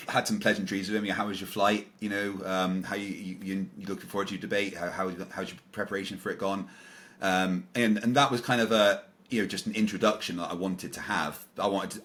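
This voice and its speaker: A man with a low, deep voice tells a story as a podcast guest. He replays each exchange line by line, quoting both sides, and fills the gaps with ums, uhs and false starts. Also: fairly bright tone. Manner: retells encounters with quoted dialogue, many fillers and restarts. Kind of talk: casual storytelling in an interview.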